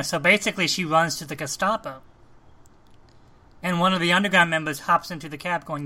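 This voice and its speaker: A man co-hosting a casual talk show about films, animated and often restarting his sentences. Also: high voice, moderate pace. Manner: animated, restarts often, acts out quoted lines. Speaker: podcast co-host. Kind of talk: casual film discussion.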